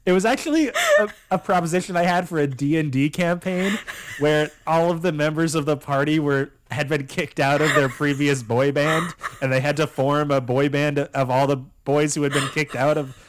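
A young male podcast co-host with a slightly high voice rambles through an idea in casual chat at a moderate pace, chuckling and restarting often. There's no echo.

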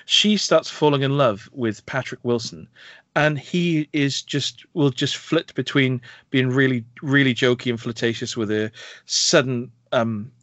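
A man's voice: medium pitch, a little slow, a bit bright, no room sound, lo-fi sound. A man co-hosting a podcast, reviewing a film in a rambling, casual way with many fillers and bursts of laughter. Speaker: podcast co-host.

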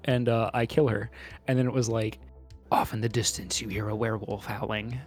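A man's voice: on the low side, flat delivery, brisk, faint music behind. A man hosting a podcast in casual chat, laid-back and rambling with lots of hesitation. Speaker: podcast host.

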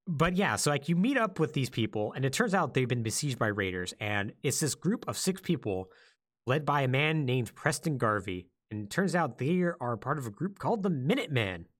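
On a casual podcast, a male co-host with a medium-pitched voice tells a story in an animated way, acting out the quotes. He talks at a normal speed.

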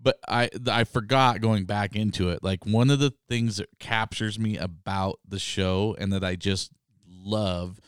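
A man with a smooth, resonant mid-pitched voice talks things through, thoughtful and casually profane. It's a dry, close podcast sound. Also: a little slow, no echo. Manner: reflective, swears casually, rises in pitch when excited. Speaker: podcast participant.

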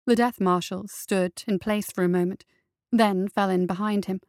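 A woman narrating a dark fantasy story in a steady, even reading voice. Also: mid-range voice, normal speed, dry recording, clean studio sound. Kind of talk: audiobook narration.

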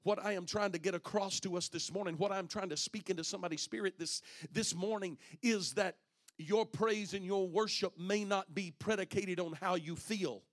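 High-voiced man preaching with fervor. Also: normal speed. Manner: impassioned preaching that swings between loud and hushed; reads scripture aloud and calls out to the congregation. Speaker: pastor. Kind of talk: sermon.

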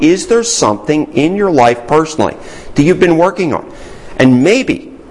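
A male Bible teacher leading a study in a chatty, conversational way, often stopping to quiz his listeners. His voice sits slightly high and moves a lot, rising and falling with energy. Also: low-quality recording. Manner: conversational, asks the group questions.

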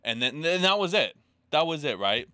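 A man in his thirties talking on a podcast with a bright, clear voice recorded dry and close. He rambles through a story with lots of "like"s and casual swearing. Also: on the high side, sing-song, no echo. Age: 30s. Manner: rambling, profane, fast storytelling with many "like"s. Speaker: podcast co-host. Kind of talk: casual chat.

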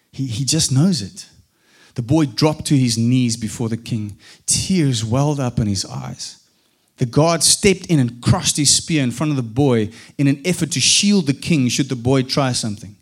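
A man telling a storybook tale in a calm, unhurried way. His voice sits at an ordinary male pitch and he now and then restarts a phrase. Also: slightly rough. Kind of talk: storybook narration.

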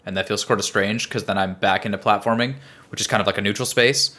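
A man with a lowish, bright, forceful voice in a relaxed panel discussion. He thinks aloud, weighing both sides as he speaks. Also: fast. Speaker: podcast panelist. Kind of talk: casual discussion.

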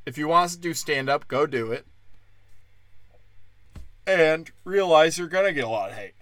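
A man doing crude stand-up, brash and profane, slipping into mocking high-pitched impressions and sounding a little tipsy. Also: lively intonation, moderate pace, pauses often, no room sound. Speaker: stand-up comic.

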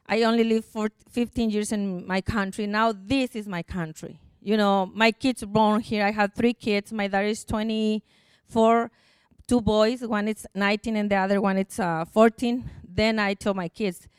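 A middle-aged Mexican-accented woman tells her story to a church congregation, earnest and emotional, her English shaped by her native Spanish. Her voice is very clear and crisp, sitting at an ordinary pitch. The sound is dry and close, with no room echo. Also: fairly even intonation, moderate pace. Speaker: church testimony speaker. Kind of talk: personal testimony to a congregation.

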